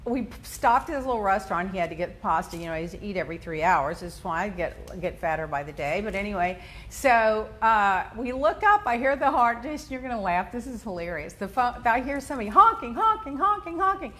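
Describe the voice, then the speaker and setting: A woman hosting a talk show, telling personal stories in a chatty, animated way, laughing often and acting out the people she quotes. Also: medium pitch, brisk. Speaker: host.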